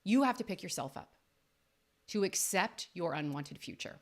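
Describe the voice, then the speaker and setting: A woman podcast host and life coach giving an earnest, faith-based motivational talk, with emphatic rises in pitch. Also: expressive, moderate pace.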